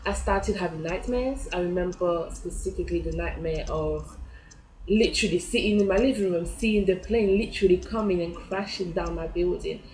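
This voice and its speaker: A chatty young woman tells a personal story and acts out her reactions in quoted asides. Her voice sits a little low. The room around her is echoey. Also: moderate pace, a little mellow, slight background noise. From France. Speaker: vlogger.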